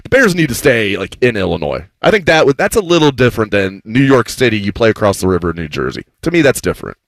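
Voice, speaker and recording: A man co-hosting a sports talk show, giving opinions casually with lively ribbing. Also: fairly low pitch, fast talker, no echo. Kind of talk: casual chat.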